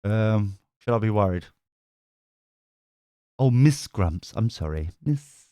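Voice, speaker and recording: A man's voice: fairly low pitch, animated, slow pace, dark tone, clean tone, no room sound. Cheeky man chatting on stream. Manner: cheeky, swears, laughs a lot, reads chat aloud. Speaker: tarot reader streamer. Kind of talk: casual live-stream chat.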